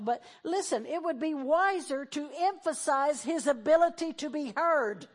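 A woman's voice: sits high, animated, unhurried, hardly any pauses. A middle-aged woman pastor preaching a sermon in a conversational way, acting out the voices she quotes.

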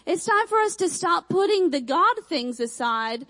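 High-voiced woman preaching with emphasis. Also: big pitch swings, a bit bright, rough recording. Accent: Texan. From Michigan. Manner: emphatic, repetitive preaching with quick asides. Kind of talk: sermon.

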